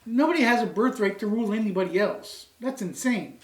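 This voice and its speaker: A man's voice: sits high, lively intonation, a little fast, distant mic. Rambling joking man in an echoey room. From Canada. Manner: rambling, jokey, says "anywho" often. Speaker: co-host. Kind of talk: casual beer-tasting chat.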